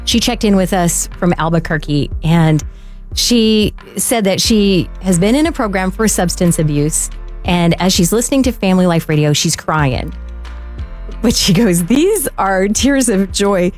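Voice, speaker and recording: A woman co-hosting a fundraising radio show, warm and enthusiastic as she reads donor stories. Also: fairly low pitch, moderate pace, soft background music. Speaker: radio co-host.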